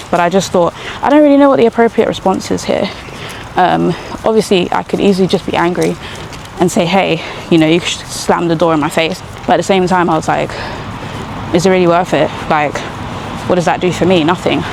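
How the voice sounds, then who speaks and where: A young woman talks through a long, animated story as she walks outside, tired from having little sleep. Her voice sits a little low, and faint traffic hums in the background. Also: fairly quick, gravelly. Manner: chatty, rambling, animated retelling. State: sleep-deprived new mother. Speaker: vlogger. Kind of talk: casual storytelling vlog while walking. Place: outdoors on a street walk.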